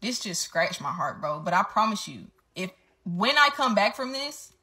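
Young woman, bright voice, blunt and heated, profane venting storytime. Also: medium pitch, very animated, normal speed.

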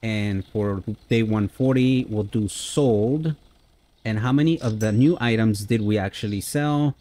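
A man's voice: lowish voice, a little slow, mellow. A man giving friendly, casual let's-play commentary on a simulation game, chatting with his viewers and dropping many "uh" fillers. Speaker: gaming YouTuber.

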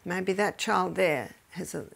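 A woman's voice: lowish voice, slow pace, gravelly, a bit bright. A middle-aged woman gives a faith-based health lecture, telling stories with animation and often dropping to near-whispers.

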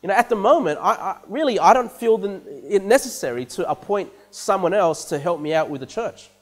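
A man's voice: sits high, expressive, a little fast. A man preaching a conversational sermon as pastor of a church, often repeating words and checking in with the congregation with "okay?" and "you know".

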